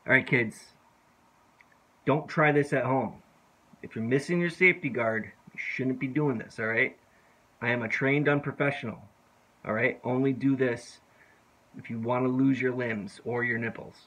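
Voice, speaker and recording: A man wisecracks and talks to himself while repairing the underside of his sailboat outdoors, narrating the job casually for his vlog on a handheld phone. His medium-pitched voice is sharp and steady at a normal speed, in a low-quality recording.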